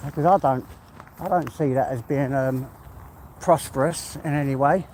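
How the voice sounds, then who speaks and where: A man's voice: mid-range voice, normal speed, a little mellow, slight background noise, rough recording. An English man rambling in a heartfelt way as he walks outdoors, a little out of breath. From England. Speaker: vlogger. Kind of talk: casual walk-and-talk monologue. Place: outdoors on a walk.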